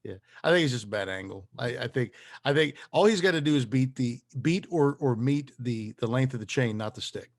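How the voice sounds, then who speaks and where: A man's voice: medium pitch, animated, fairly quick, hardly any pauses. A man co-hosting a casual sports podcast, teasing his partner, laughing often and leading the segments. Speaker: podcast co-host.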